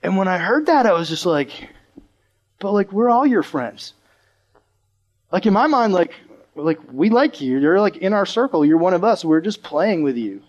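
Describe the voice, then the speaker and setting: A man preaching to a live audience, telling a story in a lively way and acting out the voices of the people in it. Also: sits high, moderate pace, dull audio. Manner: animated, acts out the voices of the people in his stories.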